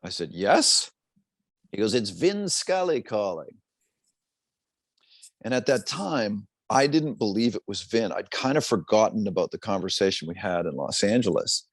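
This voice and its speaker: Middle-aged male sportscaster, animated storyteller, lower voice, dry booth sound. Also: normal speed, slightly rough, no room sound. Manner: animated storyteller, acts out quotes. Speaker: sportscaster guest. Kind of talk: storytelling interview.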